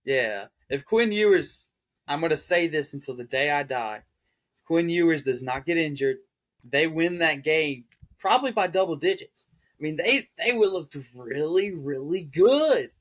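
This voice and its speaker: Excitable man hosting sports talk. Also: a little high, measured pace. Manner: excitable, prods co-hosts for picks. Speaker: podcast host. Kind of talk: casual sports chat.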